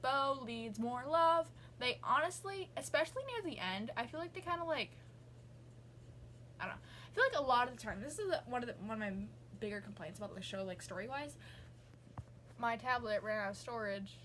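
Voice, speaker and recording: A young woman talks at home in a loose, rambling vlog voice, piling on fillers as she gushes about things she loves. Her voice sits a little high, and a faint hiss runs under the recording. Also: lively intonation, fairly quick, a bit bright. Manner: rambling, gushing, many fillers. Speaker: vlogger. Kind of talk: casual chat.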